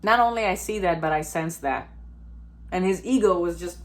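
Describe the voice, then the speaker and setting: A woman's voice: fairly low pitch, normal speed. A woman vlogger giving a blunt, profane, emphatic self-help monologue.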